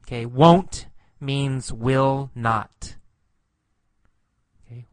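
A man teaching English slowly and patiently, repeating words and explaining what they mean. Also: medium pitch, fairly bright tone, no room sound.

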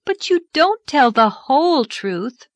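A woman voicing an earnest, dreamy young girl in an audiobook, lively and reproachful. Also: fairly high pitch, normal speed, no echo, voice pushed up, lightly acted. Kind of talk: audiobook character voice.

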